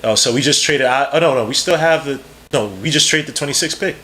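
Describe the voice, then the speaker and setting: A man hosting a podcast and giving live, rambling, slang-heavy draft commentary. He is excitable and jumps quickly from one thought to the next. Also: mid-range voice, a little hiss or hum. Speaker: podcast host.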